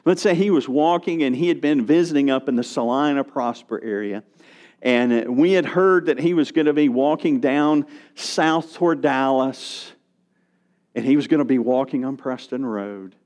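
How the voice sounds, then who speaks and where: A man's voice: medium pitch, moderate pace. A man preaching a sermon, telling stories and acting out the voices in them. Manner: animated preaching, acts out voices of beggars. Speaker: pastor.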